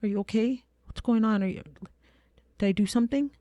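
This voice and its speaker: A woman's voice: a little high, a little fast, warm tone, no echo, voice pushed up, natural voice. A woman doing her scared young daughter. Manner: hesitant, worried questions. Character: her nine-year-old daughter, scared and gentle.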